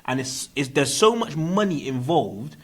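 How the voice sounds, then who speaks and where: A man's voice: a little high, very animated, measured pace. A man hosting a casual podcast chat, reading viewer comments aloud in slangy street talk. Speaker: podcast host.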